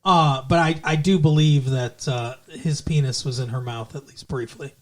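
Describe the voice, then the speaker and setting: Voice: mid-range voice, moderate pace. A podcast co-host recapping a TV episode in casual chat, rambling through restarts with dry asides.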